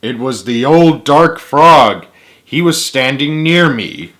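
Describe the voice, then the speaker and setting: A man's voice: medium pitch, big pitch swings, moderate pace, sharp tone. A man voicing a patient, encouraging male frog who coaxes his friend and tells spooky stories. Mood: storytelling.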